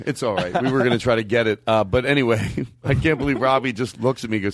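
Male comedy podcast host, profane animated storyteller, mid pitch, dry close sound. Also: fast talker, no echo. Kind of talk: casual comedic chat.

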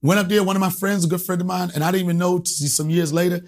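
A middle-aged comedian from the Washington area, telling a story in an interview, acting out quoted voices and swearing freely. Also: male voice, steady tone, racing. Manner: acts out quoted voices, jumps pitch and volume for punchlines, swears freely. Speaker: comedian guest. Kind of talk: animated storytelling in a podcast interview.

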